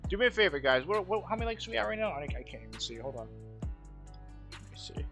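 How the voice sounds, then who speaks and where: A man's voice: high voice, sing-song, fast talker, sharp tone, faint music behind. A man hosting a casual livestream, talking bluntly with lots of swearing and repeated phrases. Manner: blunt, profane, repeats himself. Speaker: livestream host.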